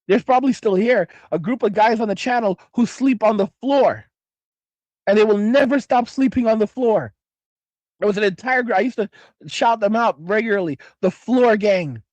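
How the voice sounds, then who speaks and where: A man's voice: high voice, normal speed, a little mellow, no echo. Late-night host, male: swears constantly, repeats himself for effect, mock-furious, dry close mic. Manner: mock-outraged, heavy swearing, repetitive emphasis. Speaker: livestream host. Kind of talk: profane late-night rant.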